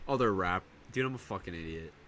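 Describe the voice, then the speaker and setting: A young man streaming casually, rambling in slang and breaking into loud high yells. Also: animated, quick pace, dry recording. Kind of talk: casual live-stream chat.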